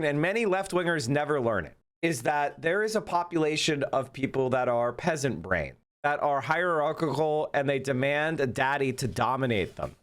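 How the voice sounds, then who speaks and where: A man giving casual political commentary, rambling with many fillers and hesitations. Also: fairly high pitch.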